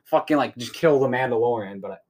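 A man's voice: mid-range voice, fast, darkish tone. A young man hosting a podcast, giving a rambling, casual recap of a show episode, full of "like" fillers. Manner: rambling, heavy use of "like" fillers. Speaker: podcast host.

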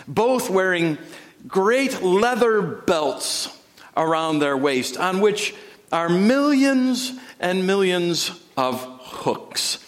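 A man delivering a sermon in a high, lively voice that swings widely in pitch. He speaks slowly and deliberately, dropping to a near hush and then climbing into ringing emphasis. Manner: dramatic, with sudden drops to a hush and rising emphasis. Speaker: pastor. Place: church sanctuary.

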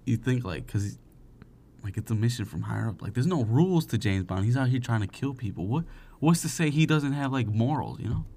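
A man's voice: medium pitch, expressive, brisk, dark tone. A young man co-hosting a casual podcast, joking and dodging questions, often acting out the lines of people he quotes. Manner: jokey, evasive, acts out quoted voices. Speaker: podcast co-host.

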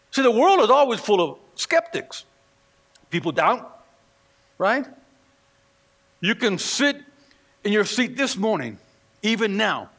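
A man delivers a church sermon as an animated storyteller, acting out the people in his stories. His voice sits high and bright with a gravelly edge. The recording carries the long reverb of a large hall. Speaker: pastor.

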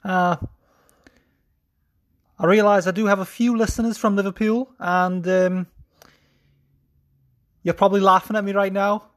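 A man's voice: sits high, level tone, measured pace, pauses often, fairly bright tone. A podcast host doing a casual fight recap in a put-on Scouse accent, mocking his own attempt. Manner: putting on a mock Liverpool accent, self-mocking.

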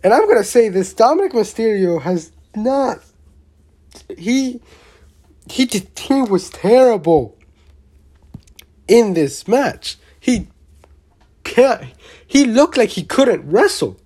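A vlogger giving a casual, opinionated wrestling show review, rambling and excitable, often restarting sentences and swearing mildly. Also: mid-range voice, slow pace, long pauses. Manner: blunt, with mild swearing.

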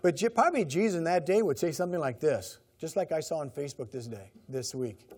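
A man's voice: on the high side, fast talker, a little mellow, slightly rough. A middle-aged man preaching a sermon in a conversational way, repeating key phrases. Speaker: pastor.

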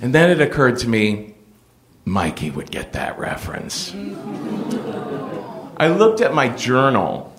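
Animated man telling a personal story. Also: medium pitch, takes it slowly, pauses often, noisy background. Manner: animated, playful, full of impressions. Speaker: podcast host.

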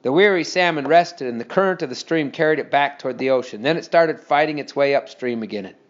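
A man's voice: on the high side, fairly quick. Man reading a children's story, lo-fi. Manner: steady expressive storytelling. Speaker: narrator. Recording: dull lo-fi recording.

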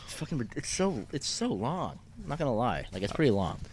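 A man's voice: medium pitch, sing-song, fairly quick, slight background noise. A young man from Canada chatting casually, rambling and swearing a lot with frequent laughs. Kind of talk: casual chat.

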